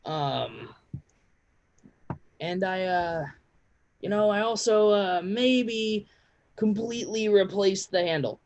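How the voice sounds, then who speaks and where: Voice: mid-range voice, lively intonation, slow, pauses often, voice pushed up. Chatty male dwarf blacksmith, boasts of his work with many uhs, as the game master puts him on; muffled recording. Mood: boastful. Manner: rambling, full of ums and uhs.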